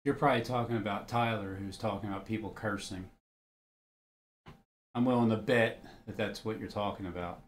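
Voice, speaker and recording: A man's voice: fairly low pitch, steady tone, normal speed, a little hiss or hum. A man giving casual religious commentary, blunt and argumentative, who swears freely and reads scripture aloud.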